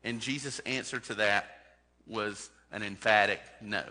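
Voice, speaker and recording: Man, pastor, sermon, bright sharp tone, hall reverb, conversational questions to the congregation. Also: fairly low pitch, steady tone, unhurried.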